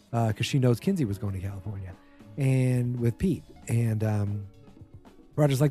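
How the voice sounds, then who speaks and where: A man's voice: medium pitch, brisk, warm tone, faint music behind. A man casually recapping a TV episode, rambling with many fillers and acting out what the characters say.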